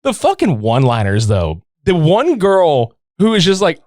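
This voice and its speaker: A man's voice: a little high, huge pitch swings, moderate pace, few pauses, a little mellow, no room sound. Man, podcast co-host, casual profane chat, dry close sound. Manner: loose, profane, laughs often.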